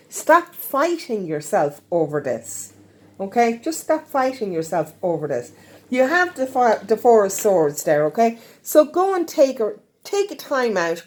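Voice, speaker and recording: Brief: an Irish tarot reader, fairly high-voiced, coaxing and repetitive. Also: female voice, darkish tone. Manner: repetitive, coaxing, frequent "okay?". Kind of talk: casual tarot reading.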